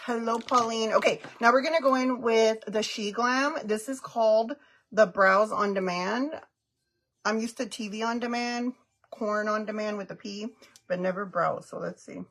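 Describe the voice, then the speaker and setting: Middle-aged lady doing her makeup live, chatty and giggly, bit of gravel in her voice, tosses in spanish words. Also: on the high side, moderate pace, a bit bright. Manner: chatty, giggly, greets viewers by name; mixes Spanish phrases into English. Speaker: livestreaming makeup vlogger. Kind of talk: casual live-stream chat.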